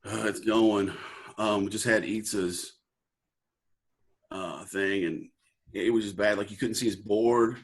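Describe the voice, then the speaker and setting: A young male student chats over a video call in a relaxed, rambling way, filling his sentences with like and um. His voice sits somewhat low. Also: a little slow, long pauses. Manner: laid-back, lots of like and um. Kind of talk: casual chat.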